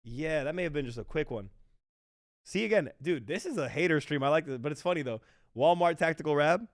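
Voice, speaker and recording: A man casting an esports match on a livestream in a relaxed, chatty way, talking to his chat. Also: on the high side, a little fast, no echo, studio quality. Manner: laid-back, chatty, apologetic about the stream. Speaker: esports caster. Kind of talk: casual livestream commentary.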